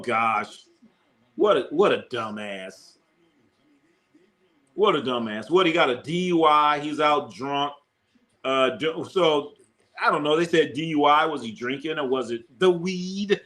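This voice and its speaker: A man hosting a live sports talk stream, excitable and chatty, riffing on viewer comments and repeating himself for emphasis. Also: fairly high pitch, measured pace. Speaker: sports show host.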